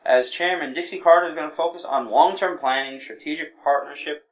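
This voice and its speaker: A man's voice: fairly high pitch, fairly quick. A man co-hosting a podcast, laid-back and teasing, reading out news items in casual chat. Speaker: podcast co-host.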